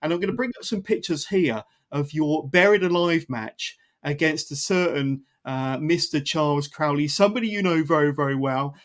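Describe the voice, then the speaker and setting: A man's voice: on the high side, moderate pace, few pauses. A man hosting a casual podcast interview, rambling and enthusiastic with lots of fillers. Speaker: podcast host.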